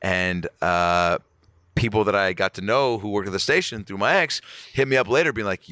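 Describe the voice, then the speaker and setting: A man in casual podcast chat tells a personal story with an animated, profane delivery. His voice is fairly low and bright. The sound is dry and close. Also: normal speed, dry recording. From Reno, Nevada area. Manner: animated, swears a lot, acts out quotes with sharp jumps in pitch. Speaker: comedian guest.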